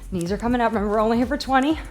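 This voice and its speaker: A woman's voice: a little high, racing, darkish tone. A woman leading a workout as fitness instructor, upbeat and encouraging, counting reps and getting out of breath. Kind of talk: live workout coaching.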